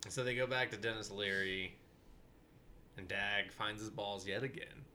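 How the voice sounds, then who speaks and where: A man's voice: lowish voice, steady tone, a little slow, pushed and bright, slight background noise. A man in casual conversation, sarcastically recapping and mocking a movie with a lot of swearing. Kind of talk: casual movie review chat.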